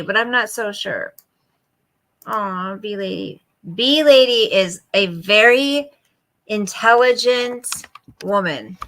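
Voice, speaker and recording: Her voice is mid-range, bright, and forceful. She's a woman in her fifties hosting a laid-back late-night live chat where she reads viewer comments aloud, replies to them, and coos baby talk at her dog.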